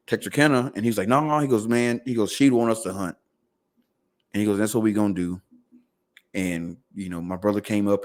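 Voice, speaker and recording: A man tells a personal story in a relaxed podcast chat. He leans on "you know," repeats words as he goes, and voices the people in his story. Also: fairly low pitch. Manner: fillers and repeated words, quoting others in dialogue. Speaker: podcast guest. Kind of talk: casual storytelling.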